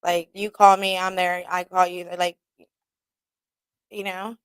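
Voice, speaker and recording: A woman's voice: lowish voice, level tone, slow, clear, resonant tone, dry recording. A woman hosting a radio talk show, chatting candidly with lots of swearing and laughter. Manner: candid, swearing, laughs often, quotes herself in skits. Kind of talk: casual chat.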